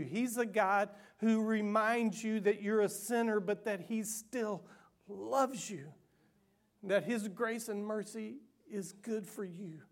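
A man preaching a sermon as pastor, earnest and personal, moving between loud emphasis and hushed, almost whispered passages. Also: high-pitched.

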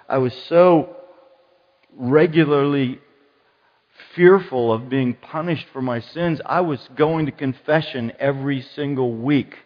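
Animated preacher in a reverberant hall. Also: male voice, medium pitch. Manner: animated, acts out quoted voices. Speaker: pastor. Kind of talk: sermon. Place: church. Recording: muffled church hall sound with long reverb.

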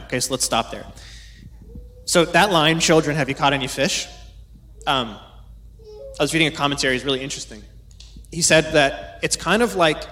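Man, sermon, chatty teaching tone, slightly high voice. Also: fairly bright tone. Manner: conversational, acts out voices in quotes. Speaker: preacher.

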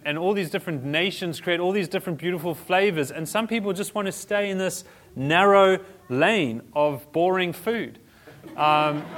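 A man's voice: high-pitched, fairly bright tone. A man teaching a church group in a conversational style, restarting phrases and adding humorous asides. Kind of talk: informal teaching talk.

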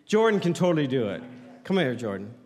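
Speaking briskly in a mid-range voice with big swings in pitch, this pastor delivers his sermon into a handheld mic and teases the congregation in a playful way. Hall reverb fills the church hall recording.

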